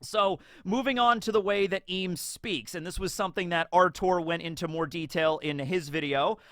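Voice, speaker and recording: Guy rambling thru anime theories, kinda high voice, dry close sound, lots of likes and ums. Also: moderate pace, bright, forceful tone, no echo. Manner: rambling, heavy on filler words. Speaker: YouTube host. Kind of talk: casual fan theory commentary.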